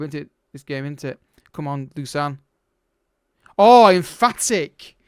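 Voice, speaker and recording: A man's voice: a little high, clear, resonant tone, no room sound, studio quality. A man commentating his own game as a let's play host, exasperated and urgent, calling out to the players.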